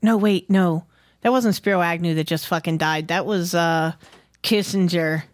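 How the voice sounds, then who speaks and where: A woman's voice: on the low side, steady tone, moderate pace, dry recording, studio quality. A middle-aged woman co-hosting a casual podcast, full of crude, conspiratorial banter. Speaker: co-host.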